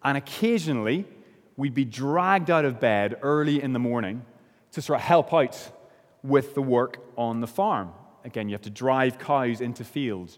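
A man from Northern Ireland preaching a sermon, earnest, slowing and dropping low on key phrases. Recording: long hall reverb.

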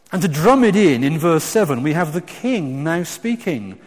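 A man preaching a sermon, animated and emphatic, with frequent restarts, swinging from loud exclamations to quiet asides. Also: on the high side, normal speed, hardly any pauses. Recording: long hall reverb.

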